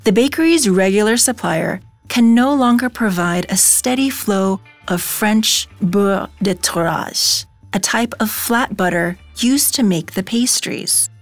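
Female news reader, measured, dry, soft music bed. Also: on the high side, no room sound. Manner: even, measured read-out. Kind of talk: read news article.

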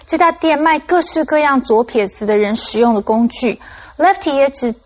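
A woman teaching vocabulary in a quick scripted explanation, reading example sentences briskly and clearly. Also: high voice, lively intonation. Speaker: language lab teacher.

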